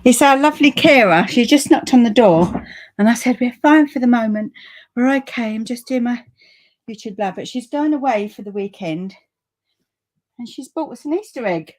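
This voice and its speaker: A woman's voice: fairly high pitch, animated, normal speed. A woman hosting a live papercraft demonstration at home, chatting and rambling in friendly asides as she reads out viewer comments. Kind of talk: live crafting stream, reading viewer comments. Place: room upstairs at home.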